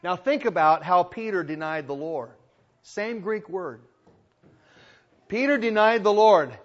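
A man's voice: high voice, animated, a little slow, long pauses, highs cut off. A male pastor preaching a sermon in an emphatic style, repeating phrases for weight.

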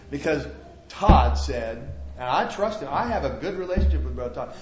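Male preacher, folksy and emphatic, slightly high voice; muffled lo-fi church recording. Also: expressive, moderate pace, very noisy. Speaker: pastor. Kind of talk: sermon. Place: church before a congregation. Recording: dull lo-fi sermon recording.

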